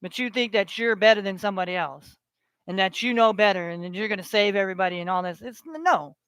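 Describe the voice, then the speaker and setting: A man's voice: high-pitched, fast talker, a bit bright, clear, resonant tone, no echo. A man delivering a heated, profane rant to his online audience, repeating himself as he builds his tirade. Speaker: online ranter.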